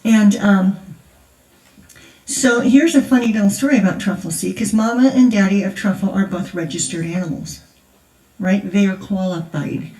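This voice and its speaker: A woman's voice: medium pitch, normal speed, warm tone. An older woman, a grandmother, speaking at a conference in a chatty, laughing storytelling manner. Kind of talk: storytelling testimony. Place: large church hall. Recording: echoey hall, voice from far off.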